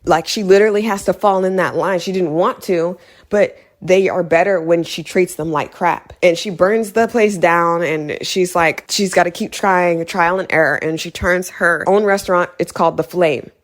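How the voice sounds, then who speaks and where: Woman, somewhat low voice, heated casual rant, repeats herself for emphasis. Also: moderate pace. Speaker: video creator. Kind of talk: casual movie recap rant.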